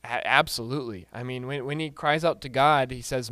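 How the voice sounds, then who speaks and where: A man's voice: medium pitch, a little fast, hardly any pauses, sharp tone, dry recording. A man leading a casual group book discussion, full of fillers and restarts, putting questions to the group.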